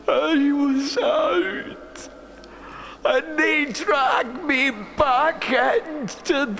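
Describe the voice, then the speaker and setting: A balding, self-pitying older politician, put on by a man, wails in a high, strained voice and drags out every word as if it pains him. He sounds worn out and desperate to escape. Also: gravelly, a bit bright, a little hiss or hum, full character voice. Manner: wailing, self-pitying lament. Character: weary, reluctant balding older male politician. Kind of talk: comedic impression.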